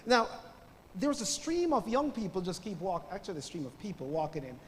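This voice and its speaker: A middle-aged Jamaican-accented man preaching from a church stage, his voice sitting a little high. He shifts between loud greetings and hushed storytelling. The sanctuary adds a long reverb, with faint room noise underneath. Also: big pitch swings, a little fast. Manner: loud greeting, then storytelling with soft drops. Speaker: guest pastor. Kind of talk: sermon.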